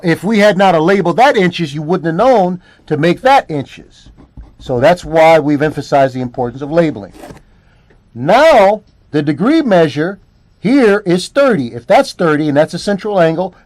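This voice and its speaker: A male math teacher with a somewhat high, slightly mellow voice and no room sound works through a word problem step by step in a classroom lesson. He often repeats phrases and checks in with "all right?".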